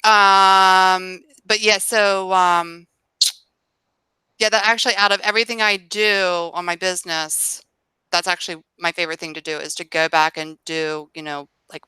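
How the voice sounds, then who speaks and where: A woman's voice: lowish voice, flat delivery, moderate pace, pushed and bright, clear, resonant tone, no echo. A woman co-hosting a podcast over a remote call, chatting casually and rambling with frequent laughs. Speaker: podcast co-host and online reseller. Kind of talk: casual chat.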